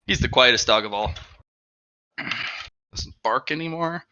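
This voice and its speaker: A man chatting casually at home on an online call, rambling and animated, talking to his dog between stories. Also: mid-range voice, unhurried, slight background noise. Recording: dull, dry lo-fi mic.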